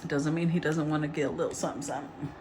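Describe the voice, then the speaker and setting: A woman giving a casual, rambling tarot reading, chatty and quick to laugh. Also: deep voice, fairly even intonation, noisy background. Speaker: tarot reader.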